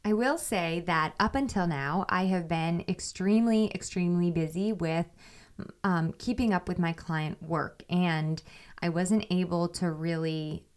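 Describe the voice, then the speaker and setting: A woman's voice: fairly low pitch, a little slow, clean tone. Candid woman hosting a solo podcast. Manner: candid, reflective, talks things through with restarts. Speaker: podcast host.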